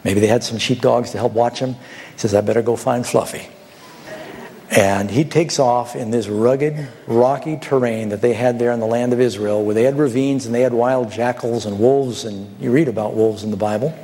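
A man's voice: medium pitch, moderate pace, warm tone. A man delivering a sermon in an ordinary mid-range voice, moving between storytelling and rhetorical questions put to his listeners. He builds scenes with short phrases and asks the congregation to weigh each point. A faint ambient noise sits under the recording. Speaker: preacher.

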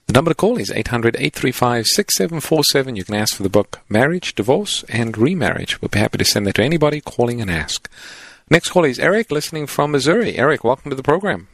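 A man co-hosting a call-in Bible radio show, reading phone numbers and introducing callers in a brisk announcer manner. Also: medium pitch, very animated, fairly bright tone, dry recording. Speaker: radio co-host. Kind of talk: announcing calls and offers on radio.

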